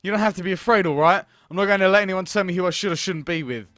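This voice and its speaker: A man's voice: high-pitched, racing, fairly bright tone, no room sound, clean studio sound. A man voicing an earnest, brooding young male student while reading game dialogue aloud.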